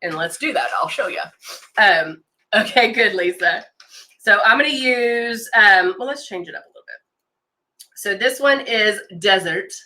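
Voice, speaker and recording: A woman hosts a casual live-stream makeup demo, chatting warmly and with enthusiasm as she applies products. Her voice is bright and crisp, at a mid pitch. She reads out viewer comments between steps. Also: lively intonation, a little slow.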